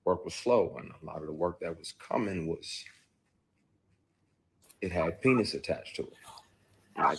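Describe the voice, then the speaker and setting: A man, an actor, speaking candidly about a personal experience, telling it bluntly with frequent cursing and swinging between quiet brooding and loud bursts. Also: low-pitched, normal speed, long pauses, a little hiss or hum. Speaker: actor recounting his experience.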